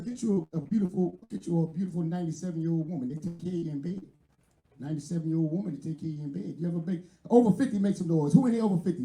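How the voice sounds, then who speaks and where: A man's voice: high voice, mellow, roomy sound, slight background noise. A man from West Philadelphia with a Philadelphia accent, doing a brash, profane stand-up set with crowd work at a live venue. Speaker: stand-up comedian.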